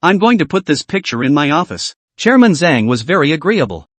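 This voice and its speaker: A man narrating a comic story recap in a brisk, scripted storytelling manner. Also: fairly high pitch, big pitch swings, no echo.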